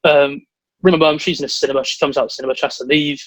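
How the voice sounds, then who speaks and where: Fast-talking young man telling stories. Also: a little high, dry recording, poor audio. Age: young adult. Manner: rambling storyteller, quick and excitable. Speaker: podcast co-host. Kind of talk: casual chat.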